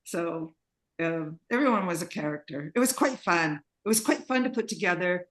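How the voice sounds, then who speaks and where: A woman's voice: fairly low pitch, expressive, normal speed, fairly bright tone. A woman interviewee telling rambling stories in casual chat, laughing often, over a video call. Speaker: interviewee, singer and composer.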